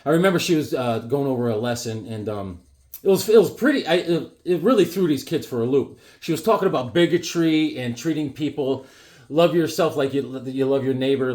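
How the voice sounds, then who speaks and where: A man's voice: medium pitch, darkish tone. A man, chatting casually about comics and rambling through stories while acting out the people he quotes. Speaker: comic collector vlogger. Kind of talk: casual chat showing comics.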